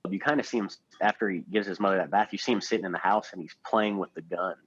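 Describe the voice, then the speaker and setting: A man's voice: sits low, steady tone, fast talker, fairly bright tone, breathy edge, no echo. A man co-hosting a podcast, talking through a film in a loose, meandering way with lots of fillers. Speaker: podcast co-host. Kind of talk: casual film discussion. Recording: dull, lo-fi podcast audio.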